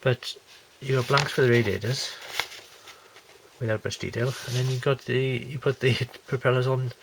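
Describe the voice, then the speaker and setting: A man's voice: medium pitch, steady tone, normal speed, creaky, noisy background. A man rambling through a model kit unboxing with many fillers and restarts, getting over a cold. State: has a lingering cold. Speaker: scale model kit reviewer. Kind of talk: casual unboxing commentary.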